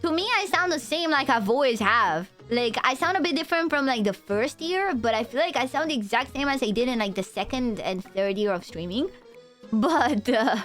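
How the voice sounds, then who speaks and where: A young woman with a Romanian accent chats with her stream in a playful, rambling, teasing way. Her voice sits a little higher than most women's. Soft music plays quietly underneath. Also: animated, normal speed. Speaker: VTuber streamer. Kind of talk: casual live-stream chat with viewers.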